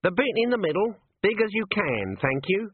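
A man's voice: high voice, big pitch swings, normal speed, breathy edge, no room sound, voice pushed up, heavily acted. A man voicing an earnest, easily flustered young dwarf watch corporal, heard through a tinny line. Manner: eager, stammering when flustered. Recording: tinny dry phone-like sound.

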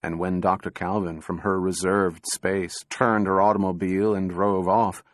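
A man narrating an audiobook in a steady, measured reading voice. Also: sits low, dry recording, studio quality.

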